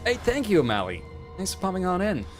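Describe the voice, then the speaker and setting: A man's voice: high voice, huge pitch swings, quick pace, faint music behind. A man streaming a game live, making sarcastic, chatty asides. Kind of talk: live gameplay commentary.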